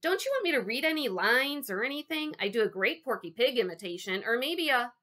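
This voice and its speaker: Storybook boy, nervous and overeager, high lively voice, loud and blurty, read by a woman. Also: fairly quick. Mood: eager. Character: eager, nervous boy auditioning.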